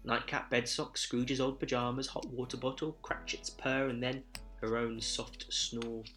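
A man narrating a Christmas story in verse with a measured, rhythmic delivery. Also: medium pitch, little pitch movement, sharp tone, faint music behind.

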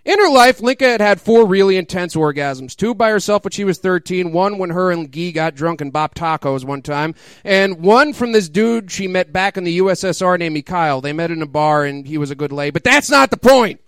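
A man's voice: high-pitched, animated, normal speed, hardly any pauses, a bit bright, clean tone, no echo, clean studio sound. A man giving a mock-dramatic comic reading of crude fiction, often laughing and breaking into incredulous asides. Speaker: comedic reader.

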